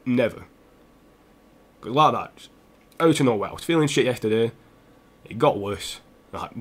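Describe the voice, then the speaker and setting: A young English gaming streamer speaks straight to his viewers in an emotional personal address, tearful and close to crying. His voice is medium-pitched for a man and slightly rough, and he talks earnestly but haltingly, stumbling over restarts and repeating himself.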